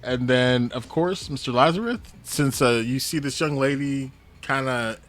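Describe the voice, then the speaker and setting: A man acts as game master for a tabletop game, narrating to the players in a mid-range, unhurried, slightly bright voice. He addresses them in the second person and throws in chuckling asides.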